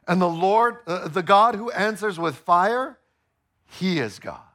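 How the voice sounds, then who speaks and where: Man, pastor, sermon, playful, higher voice, bright tone. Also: a little slow. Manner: animated, playful, acts out voices of characters.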